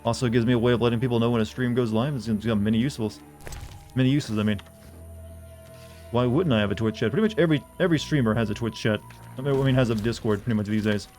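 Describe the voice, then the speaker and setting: A man's voice: medium pitch, fast, darkish tone, soft background music. Chatty male streamer, rambling commentary. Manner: rambling, chatty, with frequent restarts. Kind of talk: casual gameplay commentary.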